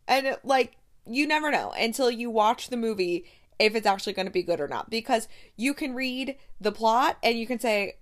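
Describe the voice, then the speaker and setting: A woman's voice: a little high, expressive, brisk, no room sound, clean studio sound. A young woman hosting a show, chatting casually about a movie plot and acting out the characters' lines with incredulous reactions. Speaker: podcast host reviewing movies. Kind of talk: casual chat recapping a movie.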